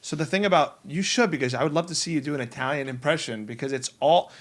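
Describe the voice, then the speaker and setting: Upbeat young host from New Jersey. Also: male voice, on the high side. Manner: upbeat, quick reactions and laughs. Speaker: podcast host. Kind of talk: casual interview chat.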